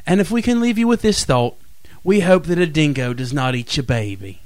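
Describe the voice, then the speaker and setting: A man's voice: on the high side, lively intonation, fairly quick, darkish tone, dry recording, studio quality. A man co-hosting a radio show, joking around and hamming up Aussie slang. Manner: goofy, hams up Aussie slang. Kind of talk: joking on-air banter.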